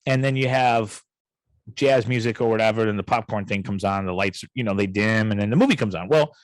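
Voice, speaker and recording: A man's voice: fairly low pitch, a little fast, no echo, low-quality recording. Rambling, profane man. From south suburbs of Chicago, USA. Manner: rambling, profane, full of "you know" asides. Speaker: podcast host. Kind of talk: casual storytelling rant.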